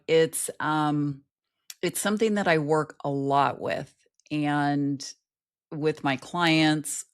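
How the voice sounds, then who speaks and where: A middle-aged woman, a life coach, talking earnestly as a guest in an interview and telling personal stories. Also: low-pitched. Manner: earnest storytelling. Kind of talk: conversational interview.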